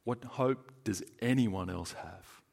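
A man's voice: fairly low pitch, slow pace, creaky. Australian man preaching conversationally. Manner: conversational and emphatic, swinging between loud and hushed. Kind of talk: sermon.

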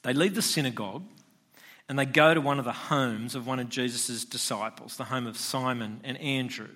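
A man's voice: medium pitch, normal speed, sharp tone. A man preaching a sermon in a conversational style, posing rhetorical questions to his listeners. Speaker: pastor.

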